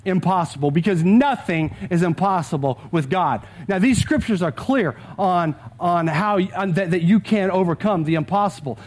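A pastor with a Texan accent preaches a sermon, urging the congregation to repeat scripture aloud with him. His male voice sits high and sounds a little mellow.

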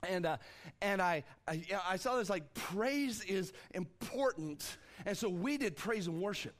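A middle-aged man preaching a sermon as pastor, animated and loose, restarting and repeating words and acting out the quotes he reads. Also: unhurried. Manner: animated, acts out quotes with jumps in pitch.

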